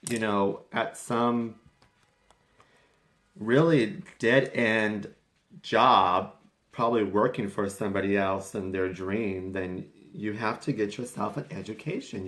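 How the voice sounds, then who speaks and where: A young man with a fairly low voice chats to camera in a loose, rambling vlog. He circles back on himself and slips into quick asides. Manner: chatty and rambling, with restarts and quoted asides. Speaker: vlogger. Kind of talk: casual talking-head vlog.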